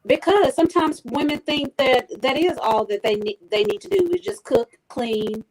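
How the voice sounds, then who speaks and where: Higher-voiced woman on a video call. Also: expressive, moderate pace, a little mellow, poor audio. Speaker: panelist. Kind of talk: casual live-stream discussion.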